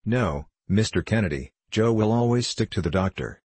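A narrator voices a cheerful, loyal young manservant, earnest and eager in every word, for a storybook reading. The male voice is low, a little husky and mellow, with lively intonation at normal speed, recorded close and dry with no echo.

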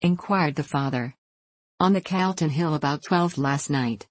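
A woman narrating a classic novel in a measured, plain reading voice, lightly voicing the dialogue. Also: deep voice, darkish tone, breathy edge, no room sound. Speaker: audiobook narrator.

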